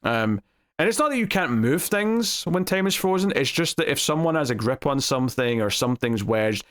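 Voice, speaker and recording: A man's voice: medium pitch, expressive, moderate pace, fairly bright tone. Rambling male TV reviewer. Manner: rambling, with frequent restarts and filler words. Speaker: TV episode reviewer. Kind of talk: casual solo review talk.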